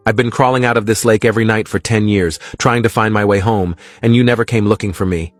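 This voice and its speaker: Cold accusing ghost girl from the lake, man reading her, low and quiet, dry sound. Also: fairly even intonation, fast talker, dry recording, faint music behind, close to an everyday voice.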